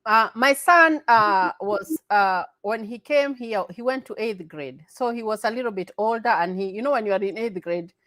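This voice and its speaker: A woman's voice: mid-range voice, normal speed, few pauses, a bit bright, no echo, low-quality recording. A middle-aged woman from Kenya, a guest in a casual interview, talking earnestly, repeating her points and laughing often.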